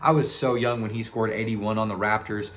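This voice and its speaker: A man's voice: on the low side, fairly even intonation, brisk, fairly bright tone. A young man talking casually to camera in an earnest, rambling way, correcting himself as he goes. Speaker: sports video creator. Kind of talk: casual tribute monologue to camera.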